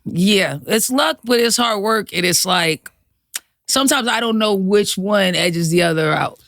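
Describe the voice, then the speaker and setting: A woman's voice: medium pitch, measured pace, gravelly, fairly bright tone, no echo, clean studio sound. A woman comedian guesting on a podcast, talking in a laid-back, slangy way with lots of swearing and laughter. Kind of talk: casual chat.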